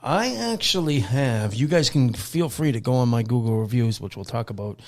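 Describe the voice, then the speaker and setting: A man's voice: medium pitch, expressive, moderate pace, darkish tone. A man hosting a dog-training podcast, chatting loosely with lots of fillers and restarts. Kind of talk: casual podcast chat.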